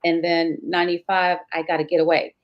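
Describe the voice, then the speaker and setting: A woman's voice: fairly low pitch, level tone, fairly quick, dull audio. A woman guest on an interview show, telling a painful personal story vividly and acting out the dialogue.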